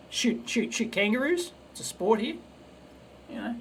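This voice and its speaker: A man's voice: very high-pitched, animated, slow, fairly bright tone, a little hiss or hum. An Australian man chatting casually while soldering on a live stream, rambling and blunt, with many restarts. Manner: rambling, blunt, full of restarts and stammered repeats. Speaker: electronics video host.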